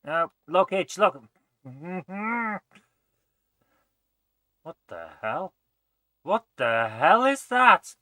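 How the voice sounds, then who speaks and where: Man, gameplay commentary, thinking aloud, fairly high, bright. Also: very animated, extremely slow, pauses often, no echo. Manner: thinking aloud, muttering, trailing off quietly. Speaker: let's play host.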